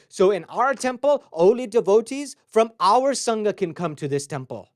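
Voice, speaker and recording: A man's voice: high voice, expressive, moderate pace, hardly any pauses, no echo, studio quality. A man teaching on a webcast, telling stories and acting out quoted voices in a devotional talk. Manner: storytelling, acts out quoted voices. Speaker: spiritual teacher. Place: recorded for a webcast.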